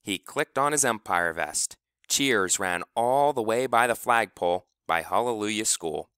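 Low-voiced, bright, lively male narrator. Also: a little slow, smooth, dry recording, studio quality. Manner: expressive storytelling. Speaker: audiobook narrator. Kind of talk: scripted narration.

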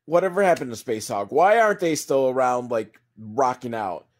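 A man's voice: mid-range voice, lively intonation, moderate pace. A man giving a rambling, profane and mocking recap of a movie as a comedic reviewer. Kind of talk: sarcastic movie recap monologue.

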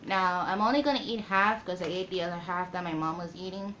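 A woman chatting casually to her viewers in an eating vlog, slow and halting, with many pauses and fillers. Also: lowish voice, fairly bright tone, a little hiss or hum, poor audio. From Guam. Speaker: mukbang vlogger.

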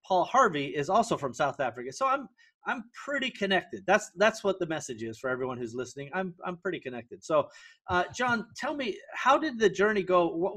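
Jokey podcast host, fairly high male voice. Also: fairly bright tone. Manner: jokey, self-deprecating, breezy. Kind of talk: casual interview.

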